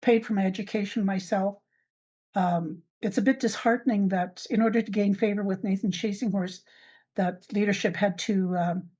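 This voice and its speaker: An older woman hosting her own podcast, telling a personal account in a halting way with many fillers and restarts. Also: mid-range voice, mellow. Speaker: podcast host. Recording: dull lo-fi recording.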